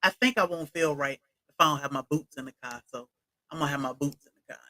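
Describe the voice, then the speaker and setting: A woman's voice: deep voice, fast, bright, forceful tone, poor audio. A woman chatting casually on a homestead livestream, greeting viewers from the chat by name as she talks.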